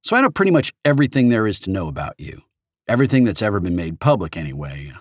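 A man's voice: fairly low pitch, sing-song, fast talker, no echo, clean studio sound. A man voicing a nervous, starstruck young woman gamer who talks in a shaky, eager rush.

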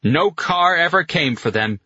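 A man voicing a young Italian man, accusing and shouting, then sick with guilt. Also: a little high, lively intonation, unhurried, husky, no echo, lo-fi sound, voice pushed up, exaggerated voice.

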